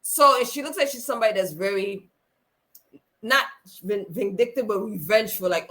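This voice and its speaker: Animated woman acting out quotes. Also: medium pitch, moderate pace. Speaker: podcast co-host. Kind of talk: casual reality TV recap chat.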